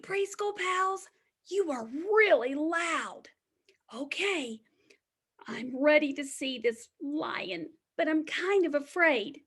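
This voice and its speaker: Animated sing-song preschool teacher woman. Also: high voice. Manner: slow, exaggerated storytime delivery. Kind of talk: reading a picture book aloud to children.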